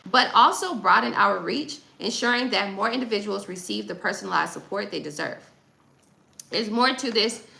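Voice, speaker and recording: A woman's voice: medium pitch, gravelly, bright, forceful tone, echoey room, low-quality recording. A woman hosting a livestream, chatting casually with her viewers and reading text aloud. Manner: chatty, talks to chat, reads text aloud. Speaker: livestream host.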